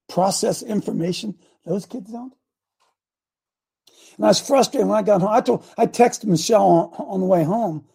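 Older male pastor, gravelly husky voice, fiery repetitive sermon delivery. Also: high voice. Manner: impassioned, repetitive, bursts of loud emphasis.

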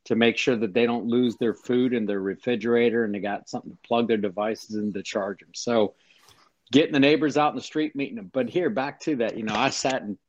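A man's voice: mid-range voice, fairly quick, no room sound. Male caller, earnest, dry and muffled line. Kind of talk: casual call-in chat.

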